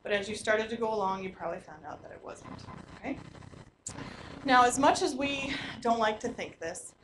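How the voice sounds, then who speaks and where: A woman leading a teacher workshop, lively and quizzing the audience with questions in a large room. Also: on the high side, normal speed. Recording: echoey room, noisy live recording.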